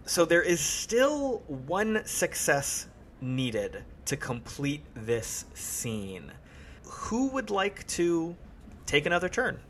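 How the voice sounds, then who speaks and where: A man acting as game master, handing out quick, encouraging rulings. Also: a little high, wildly swooping pitch, fairly bright tone, slight background noise. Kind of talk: running a tabletop game.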